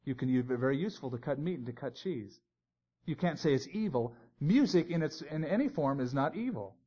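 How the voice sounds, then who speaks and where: A man's voice: fairly high pitch, lively intonation, brisk, dark tone, breathy edge. A man teaching a Bible sermon in a conversational way, with joking asides. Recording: dull lo-fi recording.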